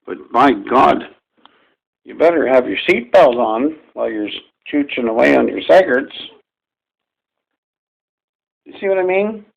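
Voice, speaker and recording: A man's voice: mid-range voice, expressive, normal speed, gravelly, rough recording. A man ranting to camera in a rambling, folksy, profane way, as a vlogger airing his gripes.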